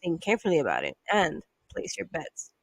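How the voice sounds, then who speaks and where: A woman's voice: low voice, wildly swooping pitch, fairly quick, husky, dry recording, rough recording. A woman giving playful, chatty let's-play commentary on a game, reading text aloud and humming to herself. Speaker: gamer.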